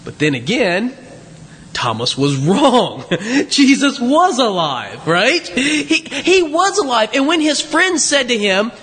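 Speaking slowly in a very high, sing-song voice with a slightly bright quality, this pastor gives a conversational sermon. He poses rhetorical questions and turns aside to address the congregation. The recording carries the long reverb of a large church sanctuary.

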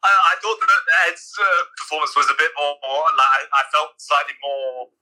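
A man joining a podcast as a guest, speaking in a measured, hesitant way. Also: fairly high pitch, pushed and bright, low-quality recording. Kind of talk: casual chat.

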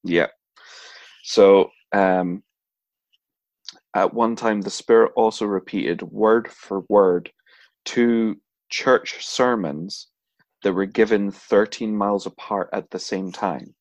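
A man's voice: on the low side, takes it slowly, pauses often, no room sound. A man co-hosting a podcast, casually telling a spooky folklore story, laughing often and putting on silly voices for the characters. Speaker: podcast co-host.

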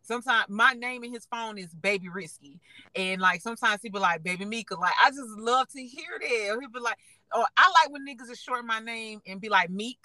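A woman's voice: fairly high pitch, fairly quick, pushed and bright, no echo, low-quality recording. A young woman, chatting frankly and profanely as a podcast co-host, often laughing as she tells stories. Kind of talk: casual chat.

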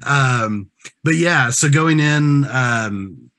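A man talking on a casual podcast, hesitant and full of ums, trailing off quietly. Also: medium pitch, animated, extremely slow. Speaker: podcast co-host. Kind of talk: casual chat.

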